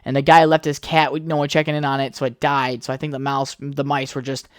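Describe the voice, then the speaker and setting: A young adult podcast host tells a loose, meandering story on their own, cursing freely and drifting into side remarks. The voice sits at a mid pitch and is recorded close and dry, with no room sound around it. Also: flat delivery, quick pace, smooth, no room sound. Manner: rambling, heavy swearing, chatty asides. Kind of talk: casual solo podcast storytelling.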